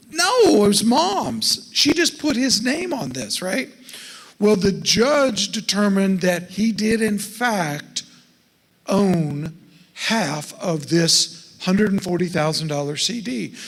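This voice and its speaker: A middle-aged man with a high voice gives a folksy seminar talk to a church congregation. He keeps putting questions to his listeners as he goes. His voice rings out with a long reverb off the sanctuary walls. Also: fairly bright tone. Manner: folksy, asks the audience questions. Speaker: estate planning speaker at a church.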